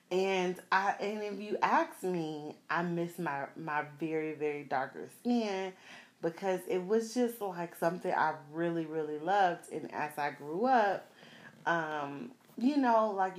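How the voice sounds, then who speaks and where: A woman in her thirties from South Florida tells a personal story to her viewers at an unhurried pace. She laughs often and talks in a loose, slangy, animated way, speaking right to the camera. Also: lowish voice.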